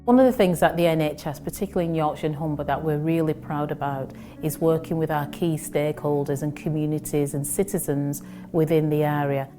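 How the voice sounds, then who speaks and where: A woman in health service management giving an earnest, measured interview statement. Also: deep voice, fairly even intonation, music in the background.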